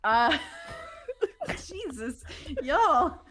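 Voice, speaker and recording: A woman's voice: high voice, big pitch swings, very slow, a bit bright. A woman narrating a tabletop game as game master, playful and rambling, often breaking into laughs.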